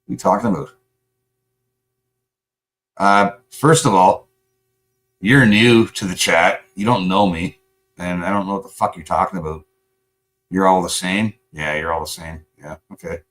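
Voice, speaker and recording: A man's voice: deep voice, expressive, normal speed, gravelly, pauses often, fairly bright tone. A man hosting a live stream, angrily and profanely confronting a chat commenter, sarcastic and combative. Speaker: livestream host.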